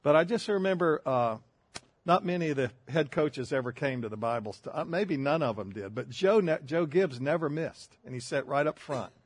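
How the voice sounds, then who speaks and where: An older man preaches in a husky, slightly high voice, weaving folksy stories with self-deprecating jokes. The sound is dry and close, with no room around it. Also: moderate pace, dry recording. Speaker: pastor. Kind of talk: sermon.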